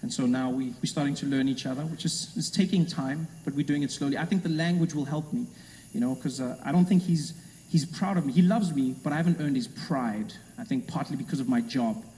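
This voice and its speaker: A man's voice: medium pitch, fairly quick. A man doing a stand-up routine, telling stories animatedly and slipping into voices. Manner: animated storytelling, slips into voices. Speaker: stand-up comedian. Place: large comedy venue. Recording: echoey hall, live audience.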